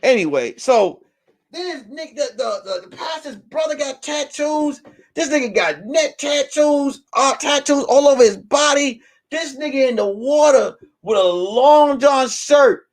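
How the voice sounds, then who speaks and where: A man hosting a live stream, telling stories in a loud, animated and profane way that breaks into shouts on punchlines. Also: very high-pitched, a little slow. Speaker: host. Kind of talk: casual live-stream storytelling.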